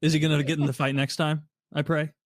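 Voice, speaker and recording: A man's voice: on the high side, little pitch movement, fast talker, dry recording, studio quality. A man hosting a podcast, chatting casually, laughing a lot and asking loose, joking questions. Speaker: podcast host. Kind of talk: casual chat.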